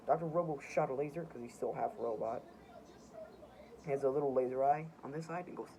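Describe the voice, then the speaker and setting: Young amateur comic artist, loose self-mocking ramble, steady hiss behind him. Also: male voice, mid-range voice. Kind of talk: casual show-and-tell narration. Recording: noisy home recording.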